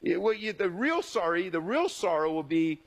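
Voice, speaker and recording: A middle-aged man, a pastor, preaching a sermon in an animated way, acting out the voices he quotes. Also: high voice, normal speed, husky, rough recording.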